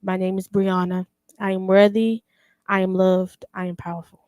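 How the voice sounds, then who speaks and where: Young woman reciting a poem, flat and smooth. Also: mid-range voice, normal speed, dry recording. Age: young adult. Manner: even, controlled recitation. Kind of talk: spoken word poetry reading.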